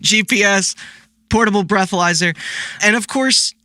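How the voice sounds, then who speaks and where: A man co-hosting a casual podcast chat, laughing often and talking in a lively way. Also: high voice, normal speed, no room sound, clean studio sound. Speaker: podcast co-host.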